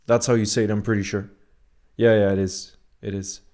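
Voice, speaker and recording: A young man hosting a live football watchalong, chatting casually with his viewers and bursting into loud shouts when his team scores. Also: fairly low pitch, little pitch movement, a little fast. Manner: laid-back, chats with viewers, then erupts into loud shouting at goals. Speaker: football fan streamer. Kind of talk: live watchalong commentary and chat.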